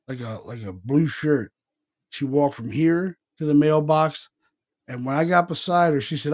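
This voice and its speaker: A middle-aged man with a slightly high voice tells a story to his co-host on a podcast. He rambles through a ghost story in casual, profane chat and quotes everyone's lines as he goes. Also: a little mellow.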